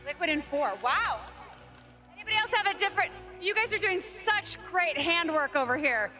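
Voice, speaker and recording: A woman's voice: very high-pitched, animated, moderate pace, faint music behind. A woman working as a crowd reporter, interviewing fans live in an arena with a bubbly, hype-building manner. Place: large arena among the crowd. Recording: loud arena crowd around the voice.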